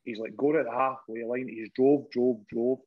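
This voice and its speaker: A Scottish man, a former goalkeeper and podcast guest, telling lively stories in a casual chat, laughing often and swearing freely. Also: mid-range voice, normal speed, phone-quality sound. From Scotland. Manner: laughs often, animated anecdote telling with lots of "right?" and swearing.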